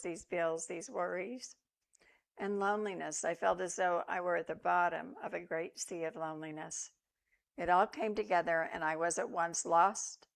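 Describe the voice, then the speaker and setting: An older woman minister giving a sermon, telling personal stories with reflection and gentle humor. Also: on the low side, vocal fry.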